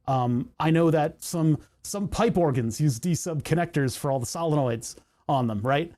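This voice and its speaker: A man's voice: fairly high pitch, moderate pace, a little mellow. A young man from the United States, chatting casually on a live stream, rambling through jokey rants and laughing often.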